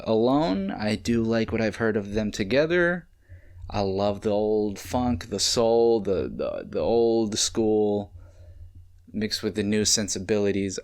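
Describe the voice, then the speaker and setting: A young man casually reacting to an album at home, rambling and excitable, swearing as he goes. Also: on the low side. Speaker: music reaction host. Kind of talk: casual music reaction commentary. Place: home, late at night. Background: faint music playing.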